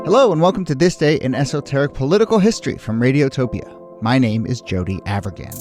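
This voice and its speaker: A man's voice: medium pitch, lively intonation, over loud music. A man hosting a history podcast in casual, playful chat, joking and laughing with his co-hosts. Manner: jokey, playful, quick to laugh. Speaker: host.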